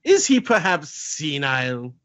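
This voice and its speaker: A man voicing a haughty, snooty woman food critic in an affected, mocking high voice. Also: big pitch swings, measured pace, a bit bright, highs cut off.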